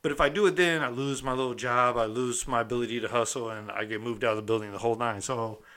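A man's voice: medium pitch, fairly even intonation, fast, fairly bright tone. A man casually telling a story from his own past in a streetwise, conversational way, often checking in with the listener. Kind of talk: casual first-person storytelling.

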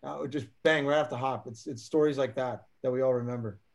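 A man's voice: medium pitch, fairly even intonation, quick pace, vocal fry. A man, a former pro hockey player, telling rambling stories with laughs and restarts in a casual interview.

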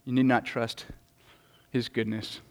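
A man's voice: medium pitch, little pitch movement, measured pace. A man preaching a sermon, earnest, often repeating words as he starts a thought. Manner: earnest, stammering repetitions, voices quoted speakers. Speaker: pastor.

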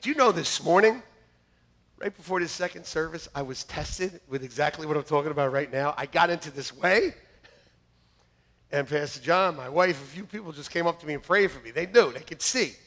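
In a church sanctuary before his congregation, a pastor delivers a jokey, animated sermon, shifting from loud punchlines to quiet, earnest asides. His voice is a little high and brisk, carried through the church sound system and live-streamed.

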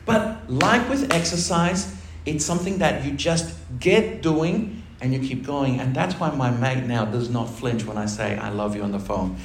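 A man's voice: medium pitch, a little slow, few pauses. Pastor guy preaching, chatty and jokey, echoey church, bit of hiss. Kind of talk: sermon. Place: church hall. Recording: roomy church recording with faint noise.

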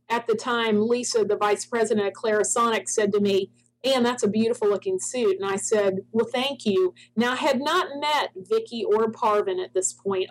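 A middle-aged woman tells a business story as an interview guest, her voice sitting a bit high. She brings it to life, jumping up in pitch as she acts out what other people said. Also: rough recording. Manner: animated storyteller, acts out quoted dialogue. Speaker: spa products founder, guest.

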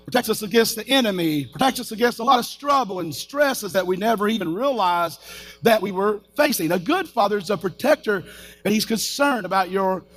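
Husky high-voiced pastor preaching. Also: male voice, moderate pace, soft background music. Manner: animated storyteller, acts out shouted quotes. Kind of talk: sermon with personal stories.

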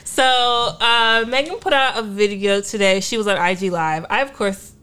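A woman's voice: mid-range voice, moderate pace, a bit bright, clear, resonant tone. A woman co-hosting a podcast in casual chat, candid and profane, with lots of fillers. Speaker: podcast co-host.

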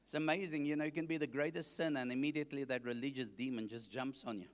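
A man's voice: mid-range voice, fast talker, big-room sound. A man with a South African accent, an evangelist preaching his testimony to a congregation, joking and asking the listeners questions.

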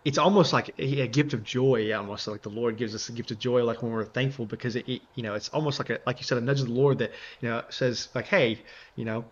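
A man's voice: mid-range voice, fast talker, hardly any pauses. Male co-host, earnest and chatty, filler-heavy, muffled recording. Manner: earnest, heavy use of "you know" and "like". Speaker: podcast co-host. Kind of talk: casual faith discussion.

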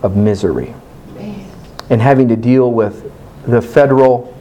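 A man preaching a sermon, telling a personal story in an animated, candid, self-mocking way and acting out his own past dialogue. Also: mid-range voice, a little slow, poor audio.

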